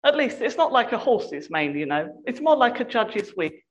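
A woman's voice: on the high side, big pitch swings, moderate pace, highs cut off, pitched above the performer's own voice. A woman voicing a blunt, eager schoolboy with an exasperated manner.

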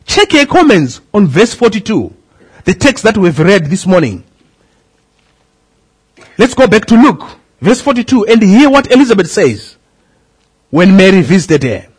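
A middle-aged man, a pastor preaching a sermon, calling out questions to the congregation with a husky voice. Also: sing-song, measured pace, long pauses. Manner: preaching with swooping pitch, calls to the congregation.

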